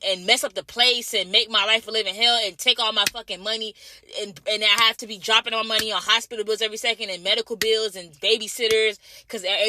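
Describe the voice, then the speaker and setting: Woman from jamaica going off in a blunt, cussing rant, really bright cutting voice, bone dry sound. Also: on the high side, no echo. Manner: blunt, profane, repetitive. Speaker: vlogger. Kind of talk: casual ranting monologue.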